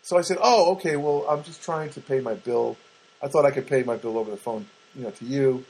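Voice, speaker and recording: On a slightly rough, low-quality recording, a podcast host with a mid-range voice talks briskly from his studio apartment. His personal monologue wanders, full of restarts and self-interruptions, delivered with animation.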